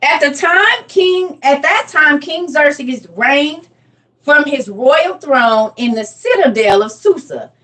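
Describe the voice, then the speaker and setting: A woman's voice: high voice, lively intonation, slow, sharp tone, recorded from a distance. A woman in her forties giving a casual Bible lesson, playful and constantly quizzing her listeners. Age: 40s. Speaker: Bible teacher.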